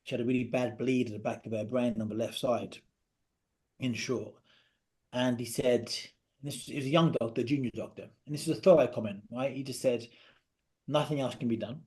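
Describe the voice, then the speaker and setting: A man, a podcast guest telling a personal story in an earnest, halting way that often drops to a quiet voice. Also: mid-range voice, breathy edge. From Britain.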